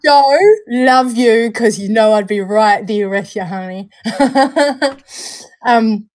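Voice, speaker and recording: A woman's voice: a little high, slow, a little mellow, dry recording. A woman co-hosting a live stream in casual chat, bubbly and laughing often. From New Zealand. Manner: bubbly, laughs often, calls people darling. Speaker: livestream co-host.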